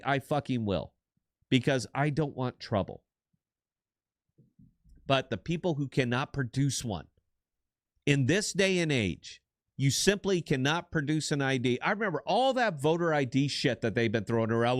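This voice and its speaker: A man's voice: on the high side, normal speed, no room sound, studio quality. Blunt, profane male podcast ranter. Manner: blunt, profane, emphatic ranting. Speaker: podcast co-host. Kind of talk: heated political commentary.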